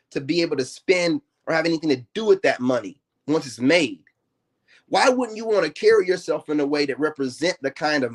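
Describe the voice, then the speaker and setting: A man delivering a confrontational, mocking commentary rant in slangy speech, his voice climbing higher in heated outbursts. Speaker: self-help commentator. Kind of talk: ranting commentary.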